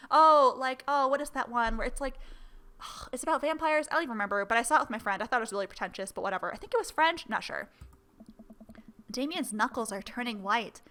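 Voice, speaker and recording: A woman with a bright, fairly high voice reads a dating game aloud. She breaks in often with playful, chatty remarks to the characters on screen. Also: lively intonation, fast. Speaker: let's-play host.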